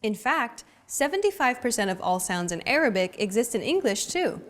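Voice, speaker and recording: A woman's voice: a little high, big pitch swings, normal speed. A woman hosting a language lesson, giving scripted, encouraging explanations in an upbeat way.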